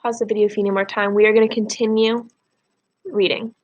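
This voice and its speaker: A woman's voice: medium pitch, little pitch movement, brisk, dull audio. A woman teacher giving a recorded lesson, explaining and reading a novel aloud patiently. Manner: clear, patient, explaining step by step.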